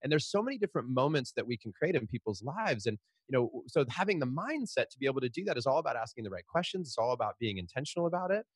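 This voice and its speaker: A man's voice: medium pitch, very animated, fast talker, hardly any pauses, husky, dry recording. A middle-aged man, a podcast guest and author, telling stories animatedly with frequent restarts. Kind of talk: storytelling in a podcast interview.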